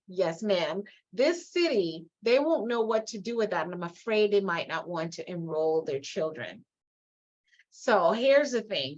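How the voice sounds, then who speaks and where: A middle-aged woman from Guyana with a Guyanese accent, telling her story as an interview guest in an emphatic, animated way, laughing often. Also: medium pitch, dull audio. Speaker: guest, leadership coach.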